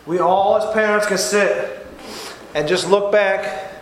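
A man's voice: high voice, takes it slowly. A man giving an earnest, repetitive testimony sermon in a church. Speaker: lay preacher giving testimony. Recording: echoey church room, faint noise.

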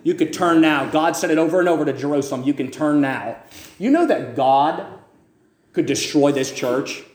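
A man preaching a fervent sermon, firing questions at his listeners and rising to loud cries. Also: a little high, lively intonation, moderate pace, reverberant.

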